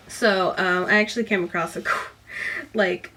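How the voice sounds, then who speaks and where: A woman's voice: mid-range voice, fairly even intonation, takes it slowly, background noise. Woman, casual book-review vlogger, rambling delivery heavy on fillers. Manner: rambling, lots of "like" fillers and sighs.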